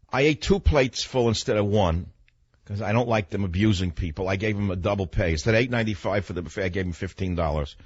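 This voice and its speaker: Blunt, husky older radio host. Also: male voice, on the low side, muffled recording. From New York. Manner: blunt, emphatic, animated storytelling. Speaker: radio talk show host. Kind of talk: monologue storytelling.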